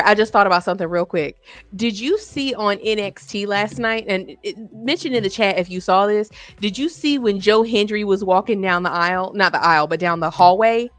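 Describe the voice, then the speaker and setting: A woman co-hosting a casual wrestling podcast, talking in a lively, playful way. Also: medium pitch, no room sound. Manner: lively, playful, laughs often. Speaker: podcast co-host.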